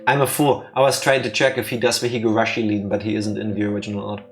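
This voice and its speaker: A man's voice: lowish voice, little pitch movement, quick pace, faint music behind. A man co-hosting a let's play, reading visual novel text aloud and bickering playfully with his co-host. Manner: playful, bickering, mock-indignant. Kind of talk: casual chat and reading game text aloud.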